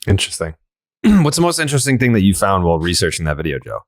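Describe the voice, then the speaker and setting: Podcast host guy asking questions, animated voice, dry sound. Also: low voice, fast, no room sound. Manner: questioning, steering the conversation. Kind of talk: casual podcast chat.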